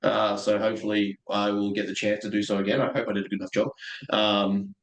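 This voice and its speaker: A young Australian man hosting a podcast in casual chat, upbeat and quick to laugh. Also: lowish voice, flat delivery. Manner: laughs often, upbeat and chatty. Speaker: podcast host. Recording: roomy echo.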